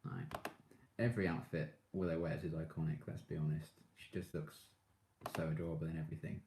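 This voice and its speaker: A deep-voiced man hosts a relaxed live stream, chatting with viewers and getting excitable as a fan. He laughs often between comments. The sound carries a roomy echo. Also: a little fast, gravelly, noisy background. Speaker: live streamer reading chat. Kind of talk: casual live-stream chat.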